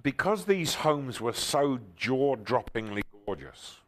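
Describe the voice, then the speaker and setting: An older man, a talk show guest telling stories with enthusiasm and loud, excited outbursts. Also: mid-range voice, slow pace. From England. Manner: enthusiastic, bursts into loud exclaiming when excited. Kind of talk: animated storytelling interview.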